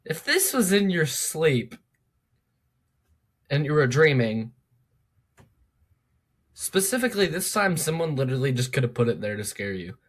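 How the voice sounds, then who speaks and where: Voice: mid-range voice, sing-song, a little slow, pauses often. Co-host jumping in with questions and jokes, voice swoops up and down a lot. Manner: chimes in with jokes and questions, laughs along. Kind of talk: casual chat.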